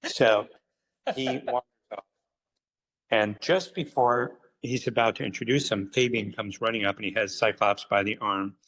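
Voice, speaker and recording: A man telling lively anecdotes in a casual interview, acting out the people in his stories. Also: fairly low pitch, no room sound, poor audio. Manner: animated anecdotes with quoted voices, quick asides. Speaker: interview guest, comics writer. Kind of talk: casual storytelling.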